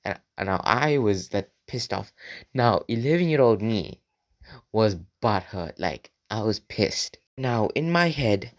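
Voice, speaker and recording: Rambling, profane young man, lowish voice. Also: expressive, a little slow. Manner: rambling and profane, heavy filler words; talks straight to viewers. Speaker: vlogger. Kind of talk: casual storytime monologue.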